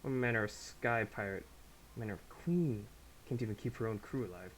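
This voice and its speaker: A man's voice: on the low side, normal speed, slight background noise, natural voice, rough recording. A man voicing a fierce, vengeful female sky pirate captain as he reads game dialogue aloud without an accent. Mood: bitter.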